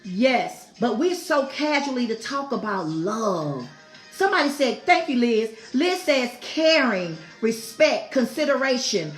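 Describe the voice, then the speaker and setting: A woman hosts a live-stream talk show in an echoey room. Her voice sits a little high and swings widely in pitch. She keeps coaxing viewers, repeating her questions and reading out their answers. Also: sing-song, unhurried, faint music behind. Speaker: host.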